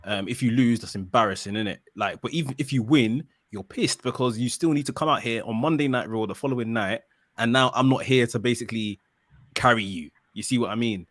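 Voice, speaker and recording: A man on a podcast, recapping events at length in a steady, explanatory way. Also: medium pitch, a little fast, no room sound. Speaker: podcast co-host. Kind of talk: casual podcast analysis.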